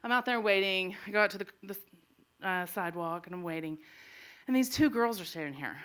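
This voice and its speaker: A middle-aged woman telling a true comic story on a live stage, animated and laughing as she goes. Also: lowish voice, fast talker, clean tone. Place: live stage before an audience.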